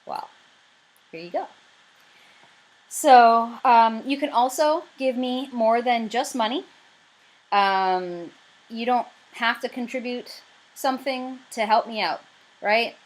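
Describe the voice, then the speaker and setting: A woman with a Canadian accent, her voice slightly high, speaks slowly with frequent pauses on a rough recording. She's a writer chatting casually to camera to pitch her crowdfunding campaign for her writing, rambling a lot and using plenty of fillers.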